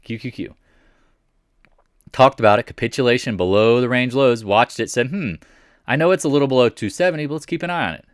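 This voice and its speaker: A man talking through market charts in a blunt, mocking way, full of rhetorical questions. His voice sits at a middle pitch, and it is recorded close and dry with no room sound. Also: fairly quick, dry recording. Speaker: market commentator. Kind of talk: casual chart commentary.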